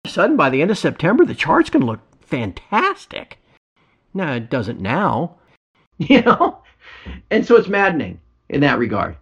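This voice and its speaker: Slightly high and husky, with a fairly bright tone, this podcast host's voice swings hugely in pitch at a moderate pace. He's a middle-aged man talking precious metals in a relaxed, wry way, joking darkly at his own expense over dull lo-fi sound.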